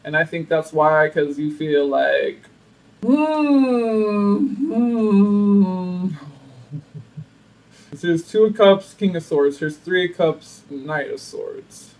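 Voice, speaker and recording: A man with a high, light voice gives a casual tarot reading, full of sass, playful attitude and frequent laughter. The mic sits some way off, so he sounds distant. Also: drawn-out words. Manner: sassy and animated, laughs often. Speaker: tarot reader.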